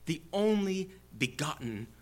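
Lively bright-voiced male preacher. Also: fairly high pitch, measured pace. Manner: expository preaching, building to emphatic peaks. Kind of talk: sermon.

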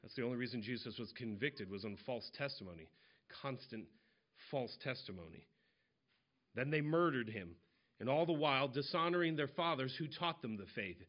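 A man's voice: mid-range voice, animated, moderate pace, highs cut off. A man preaching an expository sermon in a conversational way, walking through scripture verse by verse. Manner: conversational expository preaching, retelling parables in casual voices.

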